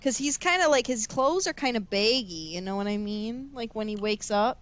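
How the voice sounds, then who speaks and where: A woman's voice: on the high side, animated, normal speed. Female podcast co-host, giggly and teasing, slight background hiss on the call. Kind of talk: casual chat. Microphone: earphones, remote call.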